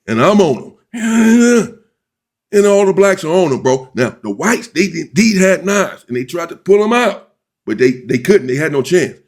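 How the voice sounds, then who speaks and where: A man telling, in first person, a story of a riot he took part in while in prison; he talks deliberately and often restates his points. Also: fairly high pitch, darkish tone. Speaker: former inmate recounting a prison riot.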